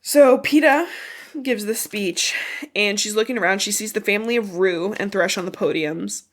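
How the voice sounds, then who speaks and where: A woman's voice: mid-range voice, normal speed. A woman with a stuffy, congested voice, recapping a book for a podcast in a rambling way, swearing often. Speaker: podcast co-host. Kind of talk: casual book recap chat.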